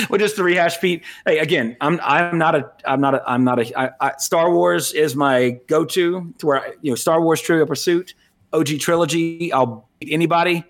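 A man's voice: fairly high pitch, normal speed. A man co-hosting a podcast in casual chat, rambling with fillers and restarts. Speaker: podcast co-host.

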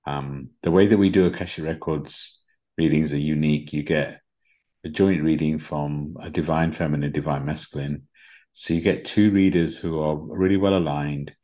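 A middle-aged British man with a very deep voice hosts a spiritual podcast, speaking gently and earnestly with frequent fillers and self-restarts. The recording sounds slightly dull and muffled. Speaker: podcast host. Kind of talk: casual spiritual podcast talk.

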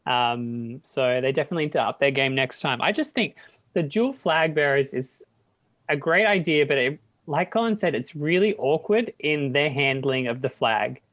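A woman's voice: rumbling low, lively intonation, normal speed. Easygoing woman in a casual chat.

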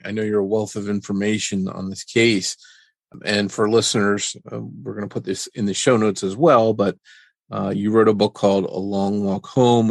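A man hosting a podcast interview and asking gentle, sympathetic questions. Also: fairly low pitch, vocal fry, no echo, clean studio sound. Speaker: podcast host.

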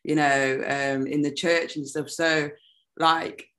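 A woman's voice: low voice, slow. Laid-back British woman chatting, laughing often. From United Kingdom. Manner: relaxed, laughs often, loose with fillers. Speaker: guest singer. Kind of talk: casual interview chat.

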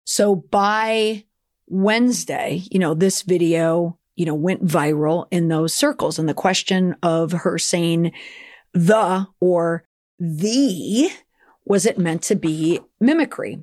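A woman's voice: fairly low pitch, measured pace, a little mellow, no room sound, clean studio sound. A woman hosting a podcast about public relations, giving chatty, opinionated commentary and sometimes slipping playfully into mock accents. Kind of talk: casual commentary.

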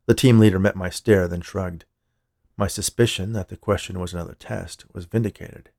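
Gravelly, low-voiced male storyteller. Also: fairly even intonation, moderate pace, a little mellow, no echo, studio quality. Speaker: narrator. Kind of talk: first-person story narration.

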